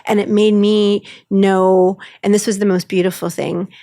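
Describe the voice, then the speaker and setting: A woman co-hosting a podcast who speaks with open emotion and warmth about her own life, switching into lively voices when she quotes friends. Her voice sits in an ordinary middle range. The recording is dry and close, with no room sound behind her. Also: medium pitch, normal speed, vocal fry, no room sound. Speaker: podcast co-host. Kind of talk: casual heartfelt chat.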